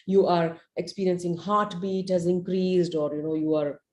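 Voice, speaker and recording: Mellow-voiced woman coaching parents. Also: fairly low pitch, fairly even intonation, normal speed, hardly any pauses. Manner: earnest and coaching, frequent "you know" and "right?" checks; leads listeners through a guided visualization. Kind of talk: live webinar teaching.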